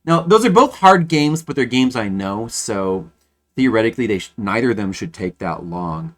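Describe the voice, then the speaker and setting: A male game streamer chats casually on a live stream, thinking aloud and rambling with frequent restarts. His voice is lowish and expressive, and he talks at a moderate pace.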